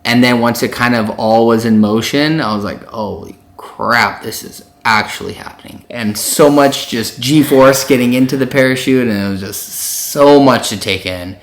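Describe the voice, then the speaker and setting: A man's voice: mid-range voice, moderate pace, hardly any pauses. A young man casually telling the story with his partner, plainly adding details and times. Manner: matter-of-fact, adds details and times.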